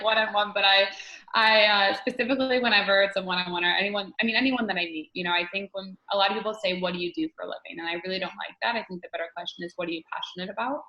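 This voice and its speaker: A woman coach giving animated, spiritual interview answers, often restarting her sentences. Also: medium pitch, echoey room, lo-fi sound. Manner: animated, spiritual, repeats herself. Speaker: guest coach.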